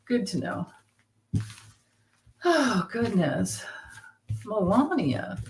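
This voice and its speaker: A woman's voice: medium pitch, big pitch swings, drawn-out words, a little hiss or hum. A woman hosting a casual livestream of tarot readings, chatty and rambling, laughing often. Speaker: tarot reader and host.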